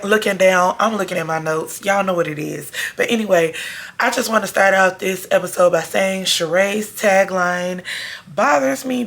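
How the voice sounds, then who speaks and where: A hoarse woman recapping a TV episode for her viewers in a sassy, casual, chatty way. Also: lowish voice, fairly bright tone. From Chicago area. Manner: sassy, talks straight to her audience with slang. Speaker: TV show review vlogger.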